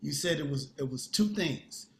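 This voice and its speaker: A man's voice: fairly high pitch, expressive, normal speed, echoey room. An older man, a singer, speaking earnestly and emphatically in an interview. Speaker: guest singer. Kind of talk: interview conversation.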